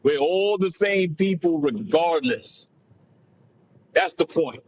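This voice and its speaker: A man's voice: on the high side, animated, slow pace, darkish tone. A man from Jamaica, raised in America, explaining a point in casual discussion with emphatic repeats and frequent "you understand?". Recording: dull lo-fi sound with faint noise.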